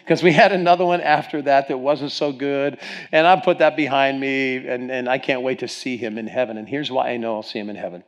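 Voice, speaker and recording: A man's voice: medium pitch, brisk, muffled recording. Earnest middle-aged man preaching. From Ohio. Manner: earnest storytelling with frequent restarts and stammers. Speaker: pastor. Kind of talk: sermon.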